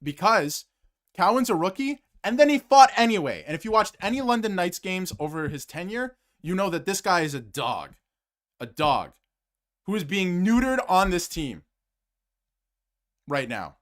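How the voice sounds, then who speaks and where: A man's voice: sits high, sing-song, moderate pace, a bit bright. A man hosting a sports commentary stream, ranting heatedly about his team, repeating phrases for emphasis and dropping to muttered asides. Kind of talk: fired-up solo hockey rant to camera, reading super chats.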